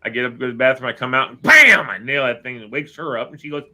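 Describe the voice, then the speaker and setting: A middle-aged man with a bright, forceful voice chats casually as a show co-host. He tells stories with energy and slips into quoted voices. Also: medium pitch, rapid-fire. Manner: animated storyteller, acts out quotes. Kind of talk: casual chat, storytelling.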